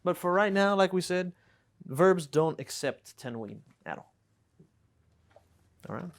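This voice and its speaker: Patient Arabic teacher explaining grammar. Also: male voice, high voice, lively intonation, measured pace. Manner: patient, explains with repeated examples and checks "right?". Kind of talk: classroom lesson.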